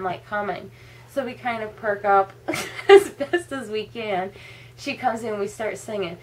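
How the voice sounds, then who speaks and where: A young woman vlogging, telling a funny story casually, laughing often and saying "like" a lot. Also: a little high.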